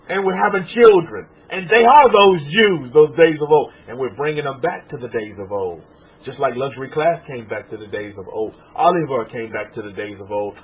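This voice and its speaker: A man from Texas preaching an emotional sermon as a rabbi, tearful and fervent, swinging from loud exclaiming to hushed murmuring. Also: medium pitch, slight background noise. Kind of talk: emotional sermon to an online congregation. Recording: tinny phone-like audio.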